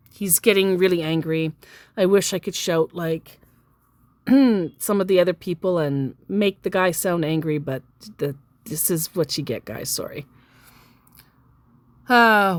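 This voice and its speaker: A woman recounting a story in a casual, chatty way, full of fillers and self-deprecating asides. She talks at an unhurried pace, and her voice sounds close and dry. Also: lowish voice, dry recording. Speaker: storyteller recounting a chat with a scammer. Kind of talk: casual storytelling, reading out text messages.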